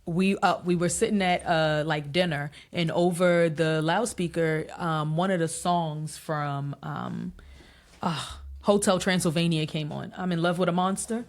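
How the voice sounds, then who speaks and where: A woman in her thirties, a podcast guest telling family stories in a casual, animated way and laughing often. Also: fairly low pitch, unhurried. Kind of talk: casual interview chat.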